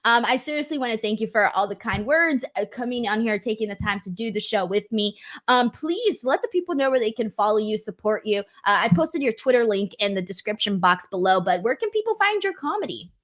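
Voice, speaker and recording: Animated woman telling stories. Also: a little high, brisk, few pauses. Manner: animated storyteller, acts out quotes. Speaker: host. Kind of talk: casual chat.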